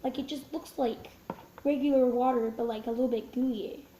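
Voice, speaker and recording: High-voiced young woman, chatty slime vlog. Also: steady tone, moderate pace, mellow. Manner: chatty, nervous, drops into whispers. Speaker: vlogger. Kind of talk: casual slime-making vlog. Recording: echoey room with faint noise.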